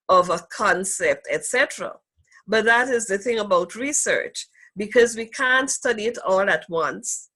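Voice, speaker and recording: Slow, deliberate woman lecturing online. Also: medium pitch, a bit bright. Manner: slow, deliberate, emphasizing key words. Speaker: instructor. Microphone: video call.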